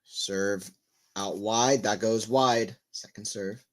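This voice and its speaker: A man's voice: lowish voice, fairly even intonation, slow. A man giving casual live play-by-play tennis commentary, chatting and rambling between rallies and lifting his voice on big points.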